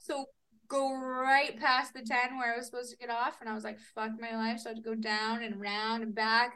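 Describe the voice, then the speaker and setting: A young woman co-hosting a loose, casual podcast. Her voice sits a little high, and she tells her stories in an animated way. She swears freely and laughs often. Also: a little fast, clear, resonant tone. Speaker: podcast co-host. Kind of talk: casual chat.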